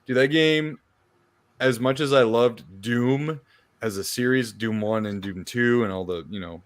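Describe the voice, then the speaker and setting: A man co-hosting a gaming podcast, casual and laid-back, with a lowish voice. He drops easy laughs and curse words as he talks. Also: unhurried. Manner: relaxed gamer talk with laughs and swearing. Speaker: podcast co-host. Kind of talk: casual chat.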